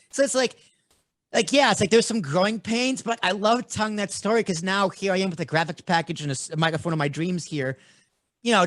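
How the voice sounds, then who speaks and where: A young man from Boston hosts a podcast, his accent strong and his stories blunt and lively. His voice sits a little high, recorded close and dry. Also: no echo. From Boston, USA. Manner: animated, blunt storytelling. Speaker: podcast host. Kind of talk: casual podcast chat.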